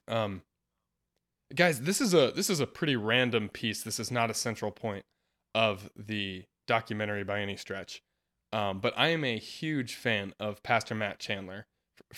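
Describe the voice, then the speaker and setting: Male podcast host, earnest and lively in casual discussion, laughs often. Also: medium pitch. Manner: earnest, laughs often, animated when quoting.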